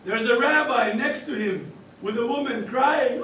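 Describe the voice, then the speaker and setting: A man's voice: very high voice, unhurried, slight background noise. A rabbi teaching a group through story cases, acting out the characters' lines and quizzing his listeners. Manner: animated storyteller who acts out the characters' quoted lines; quizzes listeners with questions and chuckles. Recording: very echoey room, voice from far off.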